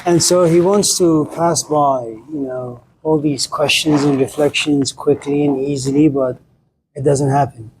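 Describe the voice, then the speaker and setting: A man giving a lecture, telling a story with wry, deadpan humor. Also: a little high, unhurried, vocal fry, noisy background.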